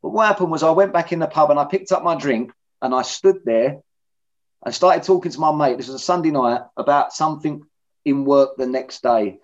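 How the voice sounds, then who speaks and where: A middle-aged man in recovery candidly tells his own story in an interview, blunt and plain-spoken, as personal testimony in conversation. His voice is fairly high and fairly quick, captured in a dull lo-fi recording.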